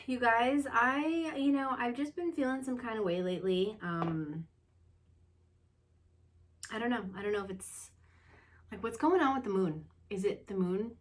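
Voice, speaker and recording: A woman's voice: medium pitch, a bit bright. A young woman talking casually to camera from a room at home, chatty and rambling with lots of fillers. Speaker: vlogger.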